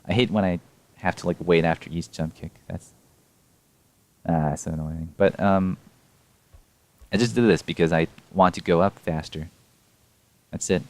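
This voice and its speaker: Young guy w a really deep voice talking thru his speedrun, dry close mic, keeps stopping to fix himself. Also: fairly even intonation, normal speed, pauses often, dry recording. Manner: rambling, self-correcting, chuckles at himself. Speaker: speedrun player explaining a tool-assisted run. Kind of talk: casual frame-by-frame commentary.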